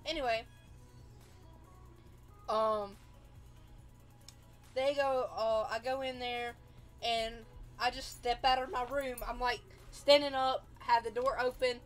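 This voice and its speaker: Streamer, young woman, fairly high voice; rambling story that mimics other people's lines. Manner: rambling, acts out quoted dialogue. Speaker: livestream host. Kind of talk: casual personal storytelling.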